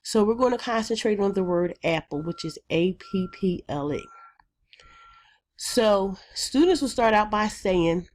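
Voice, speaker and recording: Young woman teacher explaining a phonics chant, lots of ums, gets higher and brighter doing the chant parts. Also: measured pace. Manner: plain and methodical, with frequent ums; jumps higher and brighter when acting out chants. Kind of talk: explaining a classroom phonics routine.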